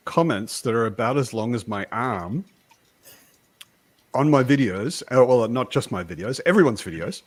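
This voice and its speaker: A man born in the United States hosting a casual live chat, talking in an animated way with frequent restarts. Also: medium pitch. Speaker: host.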